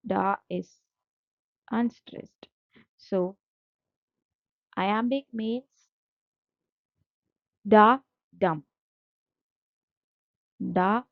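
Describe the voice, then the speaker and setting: Woman teacher, slow and patient, dry lo-fi recording. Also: medium pitch, gravelly, no room sound. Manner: repetitive, patient explaining with frequent fillers. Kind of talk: explaining slides in a lecture. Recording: dull lo-fi dry audio.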